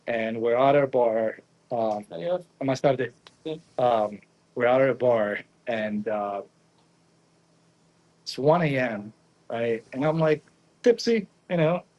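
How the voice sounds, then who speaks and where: Young male chef, Naples-raised, animated storyteller acting out quotes in casual interview talk. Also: mid-range voice, muffled recording. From Naples area, Italy. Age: young adult. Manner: animated, acts out quotes, frequent "right?" tags. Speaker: pizza chef guest.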